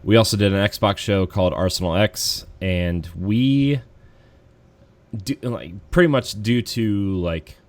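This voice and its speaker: Speaking at a measured pace in a fairly low voice, a podcast host keeps his gaming show casual. He drifts from point to point, relaxed and loaded with fillers.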